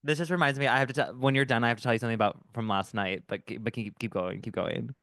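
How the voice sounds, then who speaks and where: Man, podcast co-host, quick teasing interjections, smooth resonant voice, dry sound. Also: mid-range voice, steady tone, fairly bright tone, no room sound. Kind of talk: casual chat.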